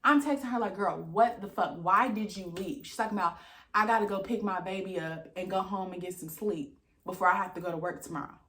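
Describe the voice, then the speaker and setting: Speaking briskly at a medium pitch, this young woman vlogger tells an exasperated storytime in a room with reverb. Her retelling is animated, full of acted-out quotes and cursing.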